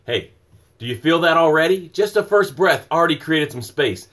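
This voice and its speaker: A man's voice: fairly high pitch, animated, moderate pace, a bit bright. A middle-aged man hosting a motivational morning livestream, speaking in an emphatic, rhythmic preaching cadence and greeting viewers by name.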